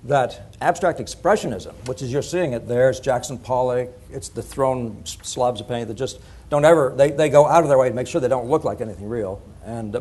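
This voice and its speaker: A middle-aged man giving a conference talk in an animated, digressive way, laughing at his own points. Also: medium pitch, slightly rough. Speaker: conference speaker. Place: conference hall.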